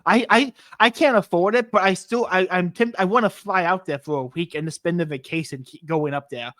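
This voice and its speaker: Man, podcast host, rambling, enthusiastic, high-pitched, dry close sound. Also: brisk, no room sound. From United States. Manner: excitable, rambling, frequent restarts. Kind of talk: casual storytelling chat.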